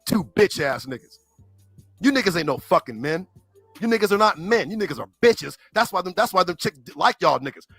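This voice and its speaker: A man's voice: high-pitched, lively intonation, fast talker, a bit bright, slightly rough, soft background music. A man on a livestream, ranting and hurling insults in an aggressive, repetitive way.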